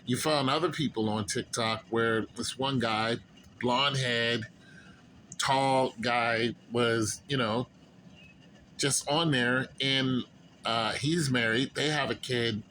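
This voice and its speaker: Man, mid-pitched voice, earnest rambling storyteller, faint hiss under him. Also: steady tone, slow pace, sharp tone, poor audio. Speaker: vlogger. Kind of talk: casual monologue.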